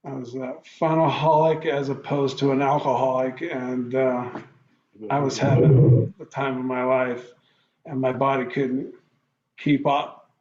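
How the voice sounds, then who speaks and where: A man telling his own story in an interview, halting often and acting out his past reactions in quoted lines. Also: medium pitch, level tone, a little mellow, reverberant, lo-fi sound.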